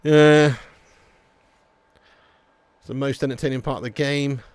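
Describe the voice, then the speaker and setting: A man's voice: mid-range voice, steady tone, unhurried, clean tone. A man hosting a live football watch-along, rowdy, joking and swearing. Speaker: match watch-along host.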